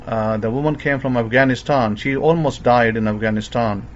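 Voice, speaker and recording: A man's voice: mid-range voice, moderate pace, dull audio, slight background noise. A man telling a story in a sermon, with a rambling way of talking, many fillers and restarts, as a religious teacher.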